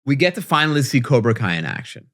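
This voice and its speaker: A man's voice: mid-range voice, very animated, quick pace, fairly bright tone. A man with a Long Island accent, co-hosting a podcast and telling a story in casual chat, acting out the voices of everyone he quotes. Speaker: podcast co-host.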